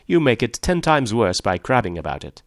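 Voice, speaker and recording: A man's voice: mid-range voice, very animated, fairly quick, no room sound, studio quality. A man reading an audiobook, voicing a domineering wealthy man who talks curtly and sharply. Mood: impatient. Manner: curt, sharp.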